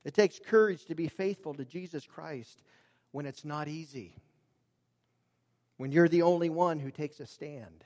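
A man preaching a sermon, earnest and emphatic, dropping his voice low and raising it for emphasis. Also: a little slow, pauses often, a little mellow. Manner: earnest, emphatic, varies volume for drama. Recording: long reverb of a large hall.

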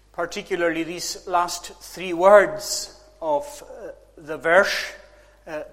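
A man preaching a sermon, slow and emphatic, repeating key phrases for weight. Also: sits high, expressive, a bit bright, big-room sound.

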